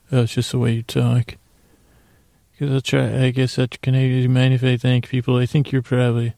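A man's voice: mid-range voice, completely flat delivery, normal speed, vocal fry, mellow, dry recording. A man hosting a podcast, rambling playfully as he thanks listeners and talks to imaginary creatures. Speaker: podcast host. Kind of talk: casual, playful thank-you segment.

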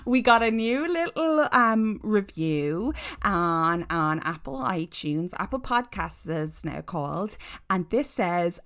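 Lively, animated woman podcast co-host. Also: mid-range voice, slow pace. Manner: animated, swears freely, ranting. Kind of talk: casual chat.

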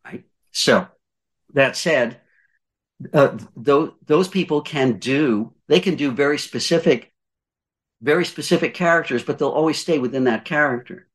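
A man's voice: fairly high pitch, moderate pace. An older man giving voice-over advice in a podcast conversation, emphatic, repeating his points and asking rhetorical questions. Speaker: guest voice-over coach.

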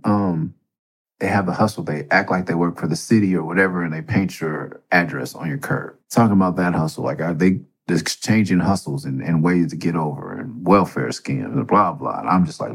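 A man's voice: a bass voice, normal speed, husky. A middle-aged man hosting a podcast, telling a story in a casual, profane, rambling way. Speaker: podcast host.

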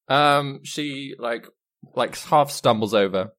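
A woman's voice: a bass voice, expressive, moderate pace. A woman narrating as game master, giggly and rambling.

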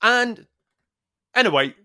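A British man hosting a podcast who tells an animated story in a casual way, swearing and acting out dialogue. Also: very high voice, slow, no room sound, clean studio sound. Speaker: podcast host.

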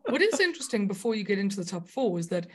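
A woman's voice: mid-range voice, sing-song, very fast, breathy edge. A woman co-hosting a casual podcast chat, talking with playful, wry mock outrage. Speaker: podcast co-host.

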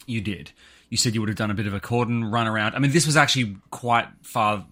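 A man co-hosting a podcast, telling a story in casual chat, animated and full of swings in pitch. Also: fast. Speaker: podcast co-host.

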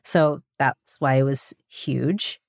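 A woman co-hosting a beauty podcast in casual chat, animated, laughing often and swearing casually. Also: rumbling low, slow pace, vocal fry, no echo, clean studio sound. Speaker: podcast co-host.

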